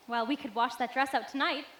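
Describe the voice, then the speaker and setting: A teenage girl acting a gentle, caring young governess on a school stage, speaking softly and singing a bright yodeling song. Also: sits high, noisy background, lightly acted. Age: teens. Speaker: student actor. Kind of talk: stage musical performance. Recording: echoey auditorium with live musical accompaniment.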